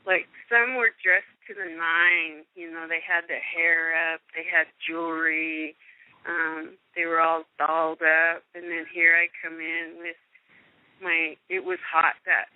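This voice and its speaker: A woman from the United States tells a story on a call, lively and laughing, acting out the voices of the people in it. Her speech is frank and salty. The sound is a thin, narrow phone line with no room around it at all. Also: low-pitched, measured pace, no room sound. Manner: animated, laughing storyteller who acts out quoted voices. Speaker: actress and guest. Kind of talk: casual storytelling interview. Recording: tinny, dry phone line.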